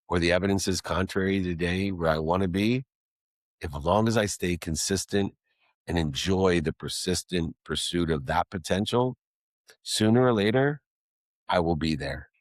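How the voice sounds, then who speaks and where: A man's voice: deep voice, normal speed, dry recording, clean studio sound. A middle-aged man, a guest in an interview, telling a personal story in an earnest, emphatic way with alliterative phrasing.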